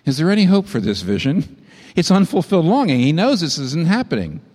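A man preaching a sermon, impassioned, climbing to high emphatic peaks and then dropping low. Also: huge pitch swings, fairly quick, a little mellow, in a large hall.

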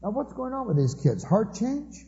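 Storytelling man preaching, dark muffled voice. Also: sits high, sing-song, moderate pace. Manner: storytelling, acts out quoted voices. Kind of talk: sermon with anecdotes.

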